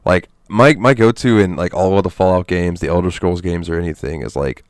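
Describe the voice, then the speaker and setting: A man's voice: deep voice, a little fast, no room sound, clean studio sound. A man co-hosting a podcast, chatting casually about a game in a loose, rambling way with lots of fillers and the odd swear. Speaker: podcast co-host. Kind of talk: casual gaming chat.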